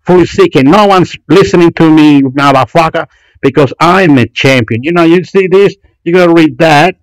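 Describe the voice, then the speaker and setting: A man's voice: on the high side, no echo, poor audio. Vlogger, guy, swears a lot, gushes and repeats himself, dry close sound. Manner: loud, profane, gushing and repetitive. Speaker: YouTube vlogger. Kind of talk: excited rambling screen commentary.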